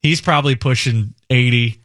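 A man's voice: medium pitch, normal speed, fairly bright tone, dry recording, clean studio sound. A male radio host in casual banter, joking and laughing often.

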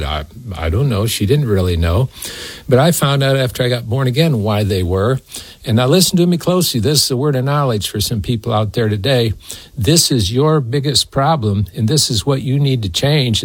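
A male preacher delivering a folksy, emphatic sermon at a middle pitch. His voice is close and dry, with no room sound around it. He leans into key phrases and slows down to drive them home. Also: expressive, slightly rough, no room sound. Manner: folksy, emphatic, talks to co-host by name.

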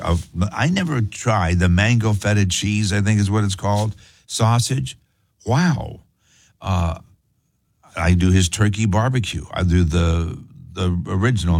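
Emphatic low-voiced talk radio host. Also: male voice, no room sound. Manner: emphatic, rhetorical questions.

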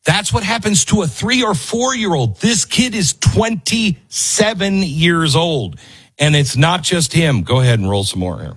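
Husky man with lively emphatic delivery. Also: on the high side, a little slow. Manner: emphatic, repeats phrases for effect. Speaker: commentary show host. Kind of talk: opinionated commentary.

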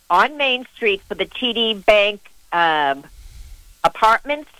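A woman's voice: mid-range voice, animated, takes it slowly, pushed and bright, no echo, rough recording. Woman, Boston accent, radio caller, chatty, indignant, long-winded, dry sound. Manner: chatty, indignant, tells stories at length. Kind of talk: call-in radio chat.

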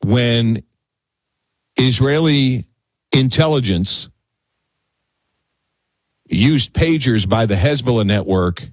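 On a studio broadcast mic, a man hosts a casual talk radio monologue, keeping it conversational but repeating words and stammering once he gets excited. His pitch is medium and there's no room sound.

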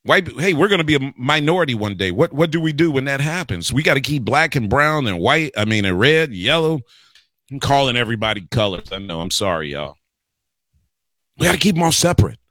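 A man hosting a talk radio show, rambling through an animated political monologue and calling listeners y'all and guys. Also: medium pitch, a little fast, no echo. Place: radio studio.

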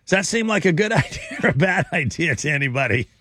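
A man's voice: on the high side, animated, fast, bright, forceful tone, husky, dry recording. A man hosting a radio talk show, reading news items and joking with his co-hosts. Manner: wry, joking, reads news items aloud.

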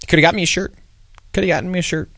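A man's voice: sits high, steady tone, racing, gravelly, sharp tone, slightly rough, no echo, studio quality. A man in casual podcast chat, teasing and joking with his co-hosts. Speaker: podcast co-host.

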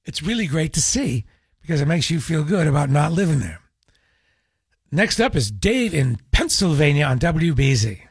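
A man's voice: a little high, very animated, moderate pace, breathy edge, dry recording, studio quality. A man hosting a radio talk show, chatting in a wry, opinionated monologue.

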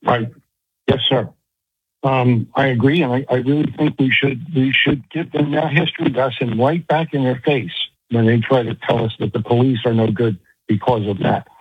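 A man's voice: medium pitch, fairly even intonation, normal speed, husky, no echo. A man calling in to a radio show, agreeable and hesitant with many ums. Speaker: caller. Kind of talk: phone-in call. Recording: tinny phone line.

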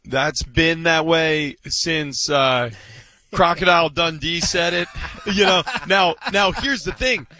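A man on a sports talk show panel, chatty and joking, halting with fillers. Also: on the high side, bright, forceful tone, no echo. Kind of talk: casual sports debate.

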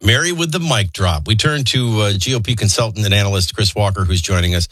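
Bright-voiced man hosting morning radio. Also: fairly low pitch, lively intonation, slightly rough, no echo. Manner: quick, conversational, wry asides. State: has the hiccups. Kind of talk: talk radio banter and news reading.

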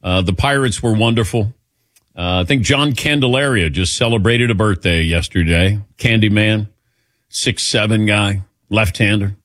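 A man's voice: on the low side, normal speed, a bit bright, dry recording, studio quality. A man in his sixties hosting a sports talk radio call-in show, chatty and laughing easily. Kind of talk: casual call-in chat.

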